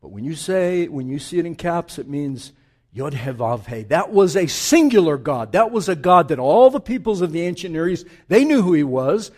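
A man preaching a sermon, moving between hushed, reflective asides and loud, emphatic build-ups, repeating phrases for emphasis. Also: fairly high pitch, very animated, normal speed.

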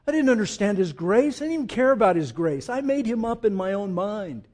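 A man preaching a sermon, swinging from loud emphatic peaks to quiet, low asides and putting direct questions to the congregation. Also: animated, brisk, hardly any pauses. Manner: emphatic, rising to loud peaks then dropping low and intimate. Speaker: pastor.

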